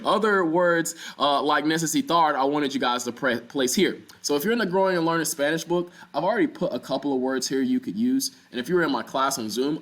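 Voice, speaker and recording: Male Spanish teacher, mid-range pitch, patient and informal, slips in fillers and corrects himself. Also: fairly bright tone. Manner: explains patiently, with fillers and quick self-corrections. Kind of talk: recorded classroom lesson.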